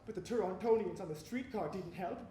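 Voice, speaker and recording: An actor playing a sad, needy, self-pitying husband in a live comic stage monologue, grumbling and then bursting into shrill yelling. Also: male voice, a little fast, slight background noise, lightly acted. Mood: glum. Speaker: stage comedy performer. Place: theatre stage with a live audience. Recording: echoey live stage recording with crowd and music.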